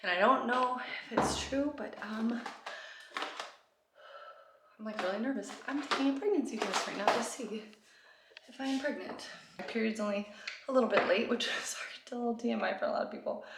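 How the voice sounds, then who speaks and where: A woman vlogging in a rambling, chatty way, full of "like" and "um", sometimes dropping to hushed asides. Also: a little high, brisk, long pauses, very noisy. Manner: rambling and chatty, heavy use of "like" and "um". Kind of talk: casual confessional vlog. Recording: echoey room with background music.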